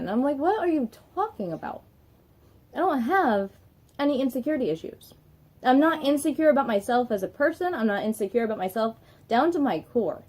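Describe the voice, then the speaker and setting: A woman's voice: fairly high pitch, a little mellow. A young woman filming a home vlog as a mother. She vents frankly about her day, then turns sweet and coaxing when she speaks to her child. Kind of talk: casual home vlog chat. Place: family home, indoors.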